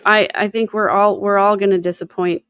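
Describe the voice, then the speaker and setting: A woman's voice: mid-range voice, flat delivery, a little fast, fairly bright tone, clear, resonant tone, no room sound, dull audio. A woman hosting a casual livestream chat over a video call, talking in a reflective, encouraging way and often repeating her phrases. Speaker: host.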